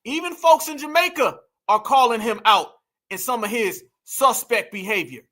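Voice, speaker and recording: A man with a very high, bright voice hosts reaction commentary. He is animated and mocking, talking straight at his viewers. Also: normal speed. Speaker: commentary host.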